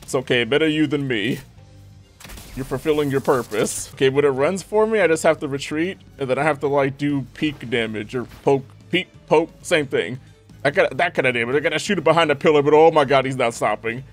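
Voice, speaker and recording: A young man giving lively gameplay commentary, talking to the game characters with frequent exclamations. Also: mid-range voice, brisk, faint music behind. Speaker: gaming YouTuber.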